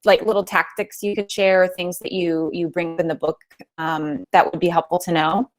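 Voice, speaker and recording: A woman hosts a podcast in a loose, chatty way. Her voice sits a little low. She reflects aloud and fills her speech with "like" and "um". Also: level tone, normal speed. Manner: chatty, reflective, many fillers like "like" and "um". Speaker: podcast host. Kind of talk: casual interview talk.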